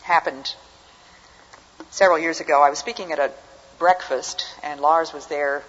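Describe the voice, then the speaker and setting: Older woman speaker, husky voice, dry humor, muffled recording, long hall reverb. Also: deep voice, steady tone, normal speed. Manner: dry, humorous anecdotal delivery. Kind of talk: storytelling talk to an audience.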